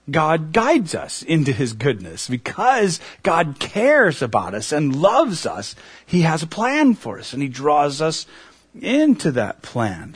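A middle-aged man preaching a sermon, earnest and emotional, his voice climbing toward a near shout at the high points. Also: slightly rough. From United States. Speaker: pastor.

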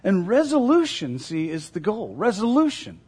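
A man's voice: high voice, huge pitch swings, moderate pace, darkish tone, slightly rough. A male pastor preaching a sermon in an earnest, emphatic way, repeating key phrases.

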